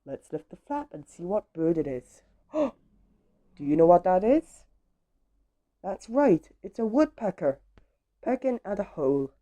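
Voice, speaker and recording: A woman's voice: lowish voice, sing-song, measured pace, dark tone, muffled recording. A woman reading children's picture books aloud, gasping at each page and talking to young listeners. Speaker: storybook reader.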